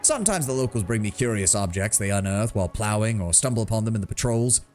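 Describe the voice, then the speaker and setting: A man's voice: on the low side, animated, fast talker, a little mellow, faint music behind, close to an everyday voice. A man voicing a jovial, burly frontier lord who is friendly and shrewd, speaking in a hearty, talkative way.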